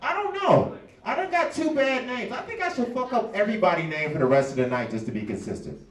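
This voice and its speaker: A man emcees a comedy night, bantering between acts in a voice that swoops up and down a lot and sits slightly high. He sounds roomy and distant in the bar. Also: very animated, quick pace. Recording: echoey bar room recorded from afar.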